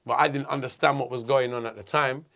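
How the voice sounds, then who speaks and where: A middle-aged man from England, telling a story in an interview, animated and swearing a lot. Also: medium pitch, fast, vocal fry. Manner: animated, swearing, acts out voices. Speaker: guest.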